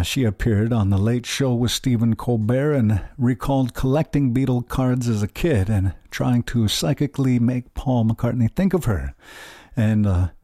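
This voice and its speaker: A male radio DJ with a low, husky voice and a mellow, dark tone. He talks in a relaxed, chatty way between tracks, dropping light self-deprecating asides. The sound is dry and close, like a studio microphone. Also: no room sound. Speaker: radio host. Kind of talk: radio DJ patter between songs.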